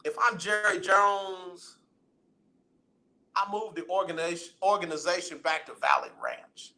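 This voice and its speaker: High, bright-voiced teasing radio host. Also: male voice, very animated, unhurried. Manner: loud, preachy, teasing banter. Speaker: radio sports talk host. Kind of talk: sports radio talk. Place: radio studio.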